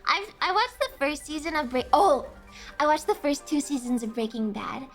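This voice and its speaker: Woman livestream host, high and bright, wildly expressive, profane casual ranting. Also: moderate pace, soft background music. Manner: animated, profane ranting with frequent laughter. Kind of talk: casual live-stream chat.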